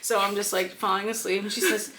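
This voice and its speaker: A woman's voice: medium pitch, level tone, fast, background noise. A woman co-hosting a podcast in casual chat, playful and giggly, often breaking into laughter. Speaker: podcast co-host.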